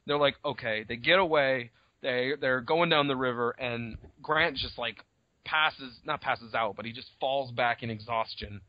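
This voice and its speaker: A man co-hosting a podcast, retelling a story in a casual, profane, animated way on dull lo-fi audio. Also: medium pitch, a little slow, dry recording. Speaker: podcast co-host. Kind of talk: casual chat.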